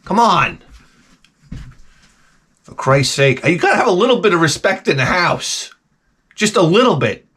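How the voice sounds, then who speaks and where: A man's voice: sits high, big pitch swings, measured pace, pauses often, a bit bright, slightly rough. A man hosting a game channel, ranting comically in a profane, rambling way, full of stammered restarts. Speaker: video game channel host. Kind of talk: comedic rant.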